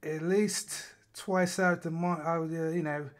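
A woman voicing a slow, rambling older lady who talks about her favorite foods, full of fillers and pauses. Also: sits low, fairly even intonation. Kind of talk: comedic role-play in a group podcast.

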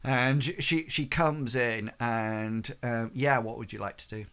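A man running a tabletop game as game master, narrating scenes with lots of fillers and hesitations. His delivery is slow and unhurried. The tone is bright and clear. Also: mid-range voice, steady tone.

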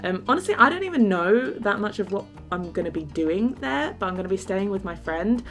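A woman's voice: mid-range voice, big pitch swings, a little fast, a bit bright, faint music behind. A young woman from England chatting upbeat to camera as a travel vlogger, laughing often. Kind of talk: casual vlog talk to camera.

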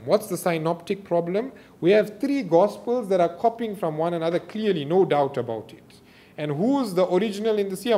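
A man's voice: high voice, breathy edge. A South African man lecturing a class, explaining texts and acting out the quotes he reads. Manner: explanatory, quotes scripture in a lively voice. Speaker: instructor.

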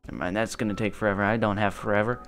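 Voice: low voice, fairly even intonation, rapid-fire. A gamer rambling through let's play commentary in a goofy, self-amused way. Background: game music.

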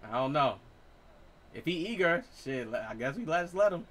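A man in his late twenties giving excitable, profane live gameplay commentary as a streamer, trash-talking. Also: a little high, normal speed. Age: 20s. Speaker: gaming streamer.

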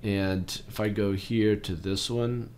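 A man in his forties hosting a trading channel, talking casually through stock charts and getting excitable over big moves. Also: fairly low pitch, slow, slight background noise. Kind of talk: casual chart walkthrough commentary.

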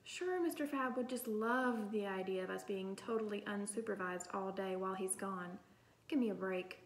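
A woman's voice: mid-range voice, moderate pace, close to an everyday voice. A woman voicing a bossy, indignant sixth-grade girl who scoffs at her classmates' plan. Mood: scornful. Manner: scornful, exasperated. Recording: roomy echo.

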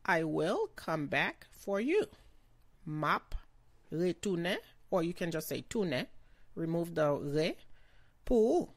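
A woman giving a slow vocabulary lesson, pronouncing each word carefully and repeating it. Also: lowish voice, very animated, no room sound. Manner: slow, careful pronunciation with repetitions. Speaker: language teacher.

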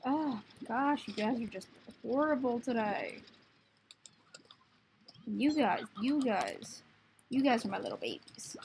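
A woman's voice: a little high, sing-song, slow pace, vocal fry, pauses often, darkish tone, slight background noise. A young woman giving casual gameplay commentary, often cooing baby talk at the creatures on screen. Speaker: gaming video host.

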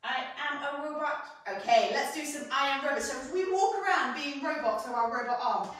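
A woman's voice: sits high, lively intonation, fast, fairly bright tone, distant mic. Sing-song woman leading a kids' class. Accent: British English. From England. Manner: sing-song, encouraging, playful. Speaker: children's pilates instructor. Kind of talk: guided kids' movement class. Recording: echoey room, off-mic.

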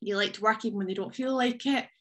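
A woman giving an energetic motivational talk on a video training call, chatty and playful. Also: quick pace. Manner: energetic, chatty, jumps into high playful voices. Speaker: team leader on a training call.

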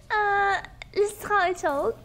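A young woman streaming a game and chatting casually with viewers. She is sick, her voice is hoarse, and she laughs a lot and repeats herself. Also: very high voice, a bit bright. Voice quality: hoarse, voice sounds broken from illness. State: sick, coughing. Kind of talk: casual live-stream chat while gaming.

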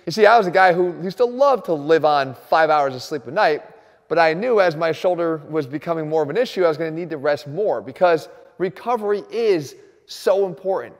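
A man explaining a workout as a fitness coach, talking emphatically and fast. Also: a little high, lively intonation, in a large hall. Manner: emphatic and rapid. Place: gym.

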